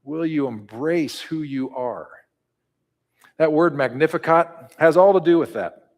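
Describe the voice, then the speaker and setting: A man's voice: on the high side, measured pace. A man preaching a sermon and leading a prayer, earnest and building to call-and-response. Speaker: pastor. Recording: reverberant hall.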